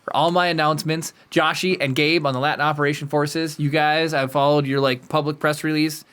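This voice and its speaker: A man's voice: on the high side, fairly quick, smooth. Jokey, laughing podcast host man. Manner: jokey and animated, laughs often. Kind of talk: casual chat.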